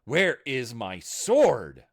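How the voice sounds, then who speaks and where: A man voicing a blunt, rough male samurai who talks low and gruff. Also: sing-song, normal speed, dry recording, studio quality. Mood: urgent.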